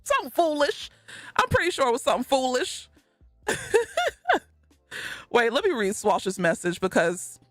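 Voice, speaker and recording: Woman streamer, casual chat, reads messages aloud, laughs a lot, lively ups and downs, slow unhurried talk, dry close sound. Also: medium pitch, no room sound.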